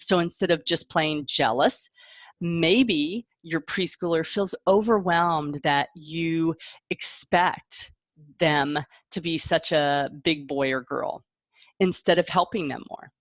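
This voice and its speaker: Chatty woman parent coach, low voice. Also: slow, dry recording, studio quality. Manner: warm chatty explaining, acts out kid voices, laughs often. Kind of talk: casual advice talk.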